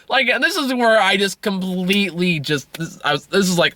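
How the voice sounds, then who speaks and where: A man's voice: expressive, moderate pace, hardly any pauses, sharp tone, no echo. Exasperated, profane male movie reviewer. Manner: exasperated, profane, swings into high-pitched outbursts. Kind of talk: casual ranting movie review.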